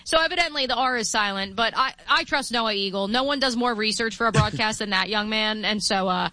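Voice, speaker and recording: A woman co-hosting a sports radio show, chatty and playful with quick asides. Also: a little high, bright, forceful tone, dry recording. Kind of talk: casual sports talk banter. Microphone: studio mic.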